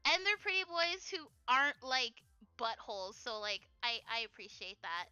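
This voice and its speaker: A young adult woman chatting casually while she draws on a live stream, rambling in an animated way with lots of fillers and giggles. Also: a little high, normal speed, clear, resonant tone, no echo, faint music behind. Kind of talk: casual chat while drawing.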